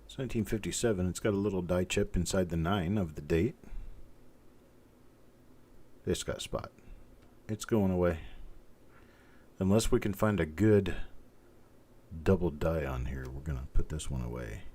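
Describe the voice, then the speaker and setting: A middle-aged man hosting a live stream, calmly and methodically talking through each coin and greeting viewers by name. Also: sits low, moderate pace, long pauses, slightly rough. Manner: calm, methodical, talks while inspecting coins, greets viewers by name. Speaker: host.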